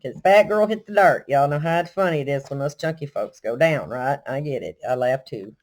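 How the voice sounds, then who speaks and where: An older woman from Texas with a Texan accent, telling a story in a casual, animated, self-deprecating way. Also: very deep voice, normal speed. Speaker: vlogger.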